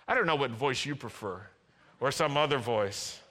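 A male pastor preaching a sermon in an animated way, acting out voices and having the congregation repeat lines after him. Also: mid-range voice, normal speed.

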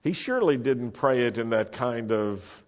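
A man preaching a sermon to a congregation, speaking in an animated way and sometimes rising to shouts for emphasis. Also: mid-range voice, moderate pace. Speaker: pastor. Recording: dull, lo-fi sermon recording.

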